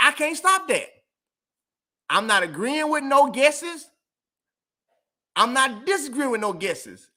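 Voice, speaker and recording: High, animated man ranting casually. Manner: emphatic, repetitive, slangy. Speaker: vlog host.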